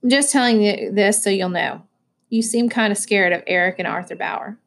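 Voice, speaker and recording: A woman doing a calm fearless teen boy. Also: mid-range voice, moderate pace, gravelly. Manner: calm, matter-of-fact.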